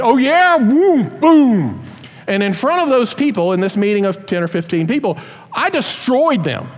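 A high-voiced man preaches with lively swings in pitch, telling stories and tossing in playful voiced asides. His voice rings with a long reverb, as in a large sanctuary. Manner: animated storytelling with voiced asides. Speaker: pastor. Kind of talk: sermon.

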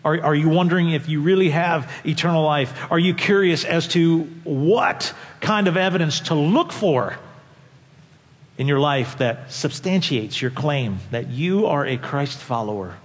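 A man preaching a sermon as a pastor, impassioned, swinging from quiet, low passages to loud, high peaks. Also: measured pace. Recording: long hall reverb.

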